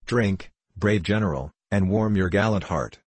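A man voicing a blind male cellar host who fawns and flatters with mock-grand speech, in a low husky voice. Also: a little slow, no room sound. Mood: fawning flattery. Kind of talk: audiobook character reading.

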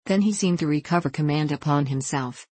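A woman with a low, husky voice reads a classic novel aloud. Her narration is measured and even, recorded close and dry. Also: no room sound. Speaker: audiobook narrator.

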